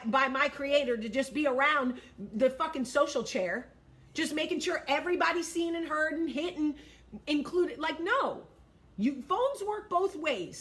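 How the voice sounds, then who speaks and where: A woman in her forties hosting a vlog, giving blunt, profane, animated advice talk. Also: high-pitched. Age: 40s. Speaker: vlog host.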